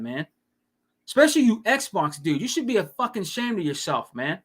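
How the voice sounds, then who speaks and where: A man's voice: high voice, big pitch swings, moderate pace, a bit bright, husky. A man hosting a casual live stream, ranting and swearing, with lots of "you know what I mean.". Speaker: podcast host.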